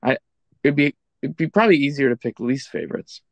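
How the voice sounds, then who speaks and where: A man chatting as a guest musician in a relaxed interview, candid and a little self-deprecating as he looks back. His voice sits at an ordinary middle pitch. The sound is close and dry, with no room around it. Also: brisk, gravelly, dry recording, highs cut off. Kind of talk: casual interview chat.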